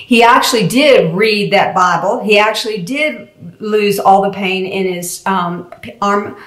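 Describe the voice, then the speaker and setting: A woman's voice: medium pitch, a little slow. Mission ministry woman recounting a testimony, earnest and homespun, recorded in a reverberant room. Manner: earnest, folksy storytelling with many fillers. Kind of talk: spoken faith testimony. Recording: roomy echo.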